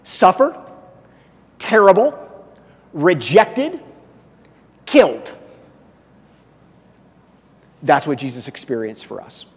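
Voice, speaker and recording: Man, pastor, sermon, fairly high voice, swings from loud emphasis to soft intensity, long church reverb. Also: wildly swooping pitch, slow pace, long pauses, husky. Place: church sanctuary.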